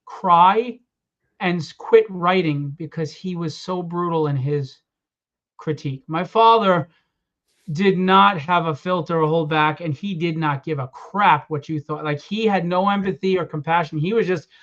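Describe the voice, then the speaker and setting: A man casually telling animated stories about his comic book writing, acting out what others said. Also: on the high side, moderate pace. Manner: animated storyteller acting out quotes. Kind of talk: casual storytelling. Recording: dull lo-fi sound.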